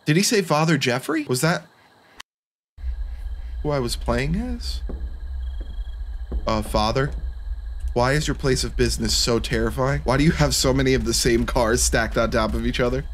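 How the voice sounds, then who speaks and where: A man's voice: mid-range voice, normal speed, pauses often, a little hiss or hum. A young man giving joking, self-deprecating commentary while playing a horror game. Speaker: gaming YouTuber. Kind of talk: let's-play commentary.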